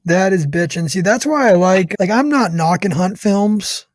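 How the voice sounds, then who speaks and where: High-voiced, enthusiastic male host. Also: animated, normal speed, no room sound, studio quality. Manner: enthusiastic, slangy, laughs easily. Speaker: podcast host. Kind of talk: casual chat.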